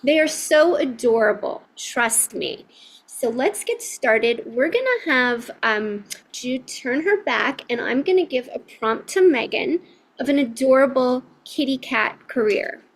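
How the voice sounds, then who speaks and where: A woman's voice: sits high, expressive, low-quality recording. A woman hosting an improv comedy game show online from a hotel room, upbeat and encouraging. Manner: upbeat, encouraging, speaks slowly.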